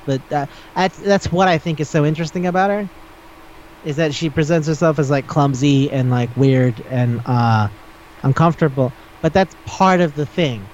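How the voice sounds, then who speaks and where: A man's voice: on the high side, lo-fi sound, slight background noise. A man hosting a podcast in casual chat who rambles, repeats his words and swears offhandedly. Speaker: podcast host.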